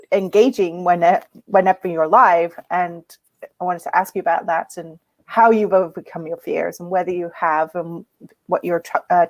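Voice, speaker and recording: A woman's voice: fairly low pitch, a little mellow. A woman from England with an English accent, a guest author in a live stream chat, talking chattily and laughing easily over a video call.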